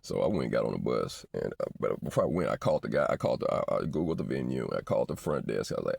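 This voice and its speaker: A man in his forties tells loose, slang-heavy stories, looping back on himself. His voice is extremely deep and gravelly with a husky edge. The delivery swings in pitch, and the sound is dry and close. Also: big pitch swings, very fast, few pauses, a little mellow, dry recording. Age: 40s. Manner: rambling, slangy, repeats "you know what I'm saying". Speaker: vlogger. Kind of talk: casual storytelling.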